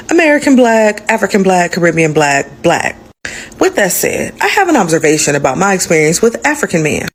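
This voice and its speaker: Lively-voiced woman vlogging frankly. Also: lowish voice, breathy edge. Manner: candid, questioning the audience. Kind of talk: casual vlog.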